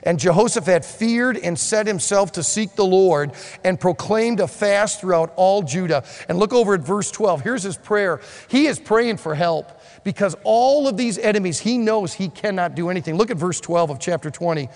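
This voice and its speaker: A man preaching a sermon to ministry students, animated and acting out the dialogue of Bible figures. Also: high-pitched, moderate pace, long reverb tail.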